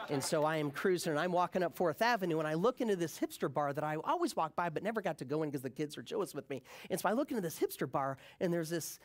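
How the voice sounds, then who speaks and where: A man giving a conference talk, telling a personal story casually and acting out the people in it. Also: on the high side. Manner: animated, acts out the people in his stories; casual, slangy. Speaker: keynote speaker.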